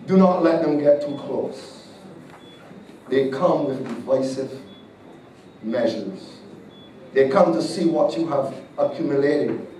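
A man with a mellow, medium-pitched voice preaches in church as an apostle, declaring prophecy over a congregant in fervent bursts. The recording is noisy, with an echoey hall and a distant mic.

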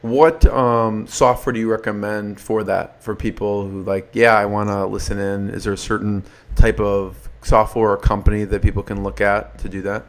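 A man hosting an interview, asking brisk questions with quick affirmations. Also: fairly low pitch, little pitch movement. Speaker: interview host. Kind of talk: conversational interviewing.

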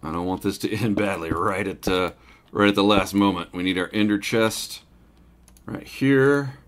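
A man casually commenting on his own gameplay as host, talking to his animals and breaking into excited shouts in big moments. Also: on the low side, normal speed. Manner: chatty, talks to his pets, bursts into excited shouts.

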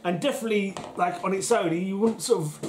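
A man's voice: sits high, fast talker. A man co-hosting a casual beer-tasting podcast, rambling and jokey with plenty of swearing. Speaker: podcast co-host. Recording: echoey room with faint noise.

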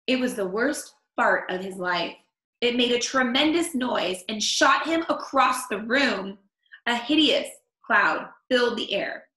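A woman reading a picture book aloud to children, expressive, stopping to comment on the story. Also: fairly high pitch. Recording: echoey room.

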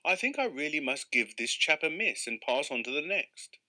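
A man voicing an excitable gentleman angler who exclaims and grows indignant. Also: fairly high pitch, moderate pace, heavily acted. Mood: exasperated.

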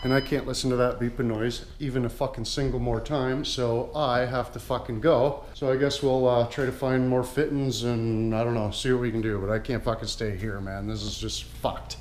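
A man's voice: medium pitch, little pitch movement, normal speed, few pauses. Swearing man grumbling on camera. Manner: swears constantly, grumbling and sarcastic. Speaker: vlogger. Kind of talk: casual profane rambling vlog. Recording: noisy outdoor or car recording.

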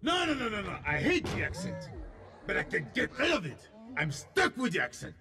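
A man's voice: high-pitched, wildly swooping pitch, a little fast, exaggerated voice. An actor voicing a cheerful male robot soldier with a French accent, breezy and playful.

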